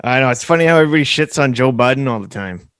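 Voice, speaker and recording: A laid-back man from Canada hosting a casual interview. His voice is smooth and resonant, recorded dry and close with little room sound. He talks easily and swears in passing. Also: medium pitch, animated, rapid-fire, a bit bright, no room sound. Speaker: podcast host.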